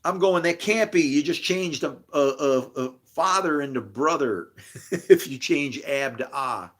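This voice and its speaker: Exasperated, slow-talking swearing man. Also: on the high side, animated. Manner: exasperated, laughing often, swearing; talks to viewers directly. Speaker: streamer studying scripture. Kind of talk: rambling live-stream monologue.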